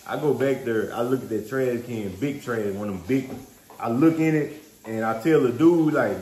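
A man's voice: mid-range voice, moderate pace. Man telling a slangy story in a roomy room. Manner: animated, conversational, slangy. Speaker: vlog host. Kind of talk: casual storytelling to viewers.

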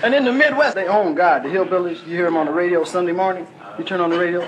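A man's voice: sits high, very fast, muffled recording, crowd noise. A man doing a loose, profane stand-up routine in a conversational way. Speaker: stand-up comedian. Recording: loud noisy live stage recording.

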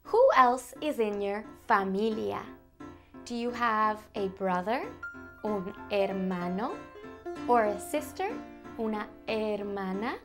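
A woman teaching toddlers simple words, slow and sing-song, with playful sounds. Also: mid-range voice. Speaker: children's Spanish teacher.

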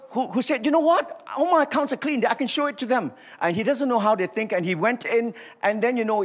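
An older man with a Malaysian English accent preaching a sermon, acting out dialogue and calling on the congregation to respond. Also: high voice. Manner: animated storytelling, acts out dialogue, asks congregation to respond. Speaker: pastor. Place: large church auditorium. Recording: reverberant church hall.

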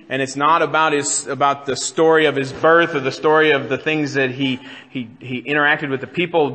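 Bright-voiced male pastor in reverberant church. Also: on the high side. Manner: conversational, asks the congregation questions. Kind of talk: sermon. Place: church sanctuary.

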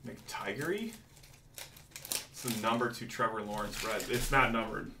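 A man hosting a live card-breaking stream, calling out each pull with hyped excitement. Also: on the low side, measured pace. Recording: roomy echo from mic distance, faint noise.

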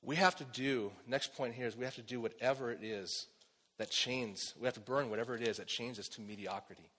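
A man's voice: medium pitch, a little fast, sharp tone, breathy edge, big-room sound. A man preaching a sermon as pastor, in a conversational way, often asking rhetorical questions and checking in with "okay?" and "right?". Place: church.

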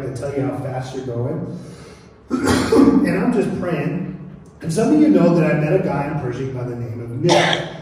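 A man preaching a sermon as pastor, telling stories in a lively, joking way. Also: mid-range voice, slight background noise. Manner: storytelling, animated and joking. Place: church sanctuary. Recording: echoey church hall from far off.

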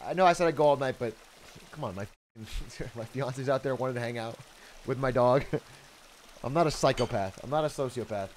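A man's voice: mid-range voice, normal speed, a little hiss or hum. A young man commentating his own gameplay on a live stream, swearing and laughing at himself.

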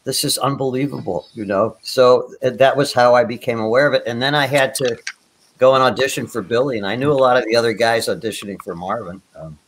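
On a video call with slight background noise, an older guest performer talks in a brisk, mid-range voice. His anecdotal storytelling rambles with many restarts, and he laughs at his own tales.

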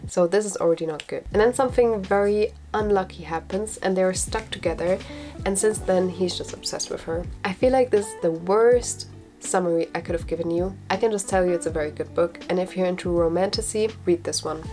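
Gushing woman reviewing books, low-pitched. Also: a little fast, warm tone, soft background music. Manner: enthusiastic, gushing, chatty. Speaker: book vlogger. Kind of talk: casual book review.

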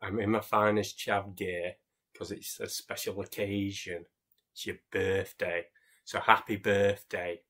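A man's voice: fairly low pitch, little pitch movement, a little slow, fairly bright tone. A man introducing a birthday message video in a laid-back, self-deprecating way.

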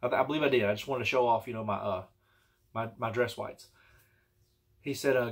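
A medium-pitched male vlogger recounts something from his own life in a brisk but rambling, earnest and casual manner, with long pauses, many restarts and plenty of fillers.

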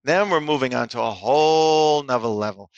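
A man with a gravelly, mid-range voice talks as a therapist guest on a podcast. He tells stories with energy and slips into the voices of the people in them. The sound is close and dry, with no room echo. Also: mid-range voice, moderate pace, highs cut off. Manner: animated storyteller, acts out quoted people. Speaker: psychotherapist and author, guest. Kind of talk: casual interview talk, storytelling.

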